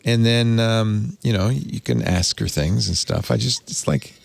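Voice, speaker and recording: A man's voice: on the low side, measured pace, vocal fry, dry recording. A man hosting a casual tech podcast panel, running through news items with chuckling asides. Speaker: podcast host.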